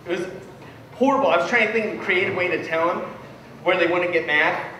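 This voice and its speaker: A man in his twenties doing a stand-up comedy set, loud and excitable, often shouting his punchlines. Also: sits high, fast, distant mic. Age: 20s. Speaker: stand-up comic. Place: comedy club stage. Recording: echoey room, voice from afar, noisy.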